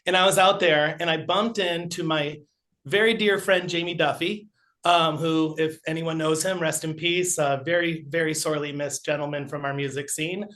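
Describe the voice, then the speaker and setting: A man's voice: on the high side, steady tone, normal speed, pushed and bright. A middle-aged man and podcast guest, telling casual, rambling anecdotes full of fillers. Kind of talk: casual storytelling.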